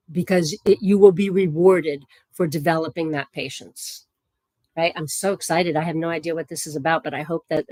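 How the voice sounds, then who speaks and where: A woman giving psychic readings on a livestream in a gentle, chatty way, with many fillers and soft laughs. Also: on the low side, dry recording.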